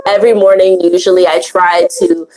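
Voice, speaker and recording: A woman's voice: fairly low pitch, steady tone, brisk, darkish tone, rough recording. A woman hosting a women's spiritual circle, teaching in a casual, rambling way with many fillers and restarts and easy laughs.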